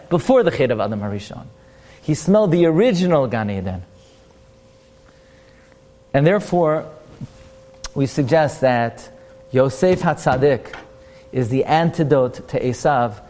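Emphatic man giving a Torah sermon. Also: warm tone. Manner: emphatic, asks questions and answers them, swings up in pitch to stress points. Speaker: Torah speaker at a memorial gathering. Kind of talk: sermon-style Torah talk.

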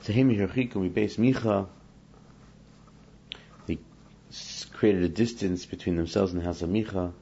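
A man's voice: low-pitched, fairly even intonation, moderate pace, gravelly, pauses often, warm tone, highs cut off, a little hiss or hum. A man teaching a scripture lesson, reading Hebrew verses and explaining each one in English while acting out the speakers in the text. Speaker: Torah teacher.

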